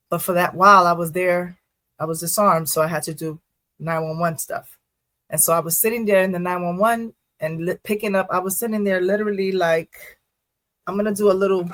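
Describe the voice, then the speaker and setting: Animated woman telling first-responder stories. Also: lowish voice, no room sound. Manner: animated storyteller, quick asides, frequent laughs. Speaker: first responder and poet guest. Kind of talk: casual podcast interview talk.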